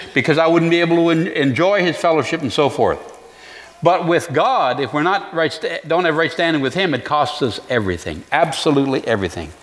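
A male pastor preaching a sermon in an earnest way, pausing to reflect and restarting his phrases. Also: a little high, a bit bright, long reverb tail.

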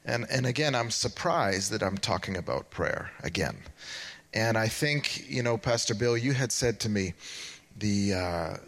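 A man's voice: on the low side, expressive, unhurried, creaky, fairly bright tone. A man preaching a sermon as pastor, enthusiastic and exclamatory, recorded in a church. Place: church sanctuary. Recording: long hall reverb in a church.

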